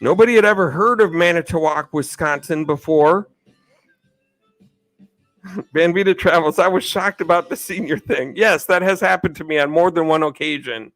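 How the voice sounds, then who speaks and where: A man hosting a relaxed live stream, reading out chat questions and answering them. His voice sits a little on the high side, and he laughs often and drifts off track. Soft music plays faintly underneath. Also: moderate pace, dry recording, rough recording. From United States. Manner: chatty, laughs often, loses his train of thought. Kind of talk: casual chat.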